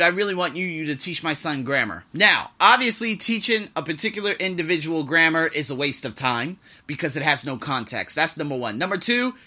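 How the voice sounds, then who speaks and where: A man's voice: on the high side, bright, forceful tone. A man who teaches English talks frankly in a rambling vlog monologue, exasperated and swearing freely.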